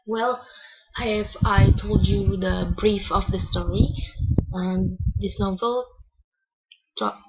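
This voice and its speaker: A woman giving a casual spoken book review, halting and searching for words with many restarts, on a dull lo-fi recording. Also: mid-range voice.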